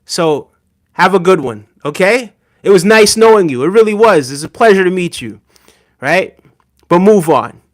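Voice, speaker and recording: A man with a slightly high voice hosts a live podcast, chatting loosely with viewers. He teases, drops frequent "right?" asides and lets out small chuckles as he talks. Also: animated, normal speed. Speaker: podcast host reading live chat. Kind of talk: casual livestream talk.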